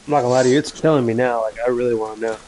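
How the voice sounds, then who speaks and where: A man's voice: medium pitch, fairly even intonation, racing, darkish tone, slight background noise, low-quality recording. Young man laughing through casual chat. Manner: laughing, swearing, rambling with lots of fillers. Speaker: gamer.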